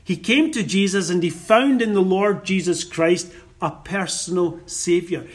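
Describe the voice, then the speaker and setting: Male preacher, sermon, high-pitched voice, slow deliberate delivery, emphatic. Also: a bit bright.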